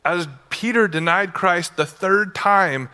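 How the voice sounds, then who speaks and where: A man's voice: high-pitched, slow pace, bright, forceful tone. A male pastor preaching a sermon in a casual, conversational way, with playful asides. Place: church.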